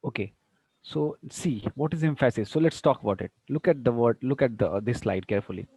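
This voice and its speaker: Teacher, dry close sound. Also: male voice, medium pitch, a little fast, warm tone, slightly rough, no echo, poor audio. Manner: repeats example sentences with stress, checks students often. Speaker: English teacher. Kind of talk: online class lecture.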